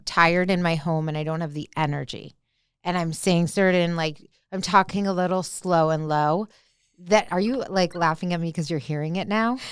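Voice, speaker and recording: Smooth-voiced woman in casual podcast chat. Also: fairly low pitch, no room sound, clean studio sound. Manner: playful, gushing, chatty with friend. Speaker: podcast co-host.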